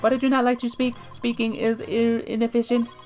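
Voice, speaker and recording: A man voicing a stiff, robotic male bomb expert from a courtroom game, in a clipped, halting monotone. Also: extremely high pitch, faint music behind, voice pushed up.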